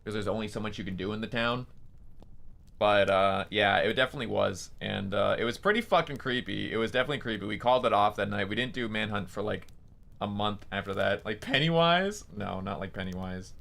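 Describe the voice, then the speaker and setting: A man's voice: on the low side, a little fast, creaky, fairly bright tone. A young man, a streamer, telling a story casually, rambling with lots of fillers and swearing.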